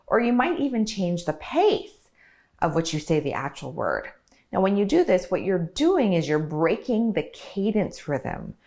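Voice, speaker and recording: A middle-aged woman, a public speaking coach, giving a tutorial to camera with clear, deliberate delivery and stressed key words. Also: low voice.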